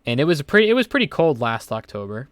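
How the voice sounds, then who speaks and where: A man's voice: mid-range voice, very animated, fast, no room sound. A young man hosting a podcast, telling stories in a rambling, profane way full of fillers. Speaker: podcast host. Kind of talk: casual podcast chat.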